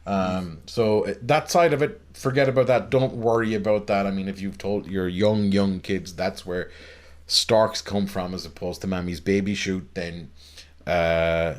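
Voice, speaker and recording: A man's voice: sits low, fairly even intonation, a little slow. A man hosting a film review podcast, rambling and joking in casual chat with plenty of fillers.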